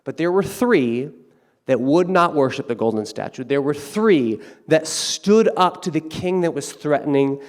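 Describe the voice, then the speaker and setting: Brief: man preaching, fairly high voice, very lively pitch, playful storytelling with jokey asides. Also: a little slow. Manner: animated storytelling, reading scripture with playful asides. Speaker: pastor. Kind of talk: sermon.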